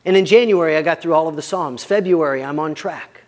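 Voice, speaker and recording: High-voiced earnest pastor in a reverberant church. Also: male voice, a little fast. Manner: earnest, conversational preaching that often drops soft for emphasis. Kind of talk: sermon.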